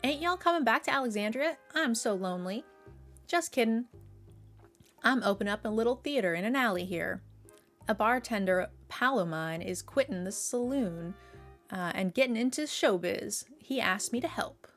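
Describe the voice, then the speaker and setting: A woman's voice: mid-range voice, lively intonation, normal speed, fairly bright tone, faint music behind. A woman voicing a flirty woman who runs a small theater, attempting a southern drawl that does not fully land. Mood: teasing.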